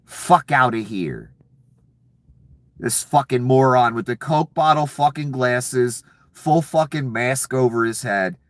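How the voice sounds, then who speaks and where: A man's voice: mid-range voice, a little slow, few pauses, no echo. A man delivering an angry, profane political rant, sarcastic and furious. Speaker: political commentator.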